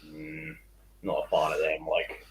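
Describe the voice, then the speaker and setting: A man, chatting casually on a stream, animated and swearing freely. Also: extremely low pitch, measured pace, slight background noise, rough recording. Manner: animated, swearing, laughing often. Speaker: stream co-host. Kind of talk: casual chat, storytelling.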